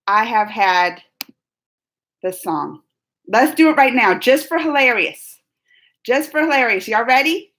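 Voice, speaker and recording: A woman hosting a casual live-chat video, reading viewers' comments in an animated, playful way and laughing often. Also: a little high.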